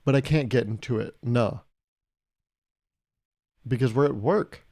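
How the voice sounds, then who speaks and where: With a mid-range, unhurried voice touched by vocal fry, a man runs his own podcast of comedic stories. He's profane and animated, acting out every side of the conversations he retells.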